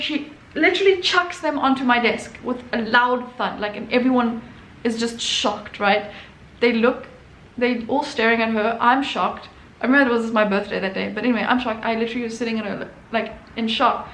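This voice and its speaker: A woman hosting her own channel, telling a story in a casual, animated way and acting out quotes. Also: a little high, normal speed, hardly any pauses, roomy sound, low-quality recording. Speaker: artist and channel host.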